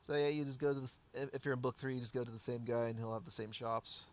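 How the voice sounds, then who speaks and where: This gaming streamer speaks fast in a steady, mid-range voice, giving rambling, casual commentary on his livestream and often restarting as he answers chat. He's losing his voice, so it sounds slightly worn.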